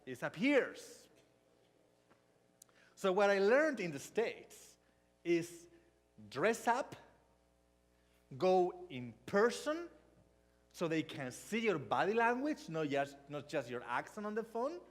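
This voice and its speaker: A man's voice: sits high, takes it slowly, pauses often, in a large hall. A man with a Hispanic accent preaching a storytelling sermon, acting out little dialogues. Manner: storytelling, animated with mock dialogue. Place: church hall.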